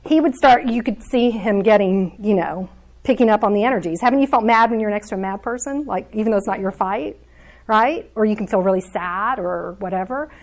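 A middle-aged woman coach giving a lively, conversational teaching talk to a group, often laughing as she explains. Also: medium pitch, fairly quick. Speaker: emotional coach.

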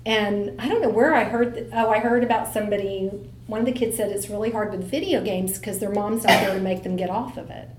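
A middle-aged woman giving a motivational talk to a live audience, telling stories with lively acted-out quotes. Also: mid-range voice, brisk, few pauses, echoey room, noisy background. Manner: animated storyteller, acts out voices in quotes. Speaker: speaker.

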